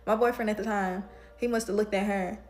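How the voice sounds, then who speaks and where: A woman who does hair from home, telling an animated storytime to camera. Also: mid-range voice, a little fast, roomy sound. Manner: animated, builds to heated retelling. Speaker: home-based hairstylist.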